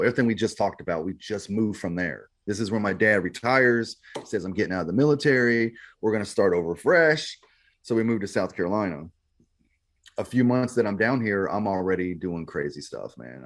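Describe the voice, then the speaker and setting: A man guest on a podcast, telling his story in a laid-back, slangy way, often saying "man" and "bro". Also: low voice. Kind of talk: casual storytelling.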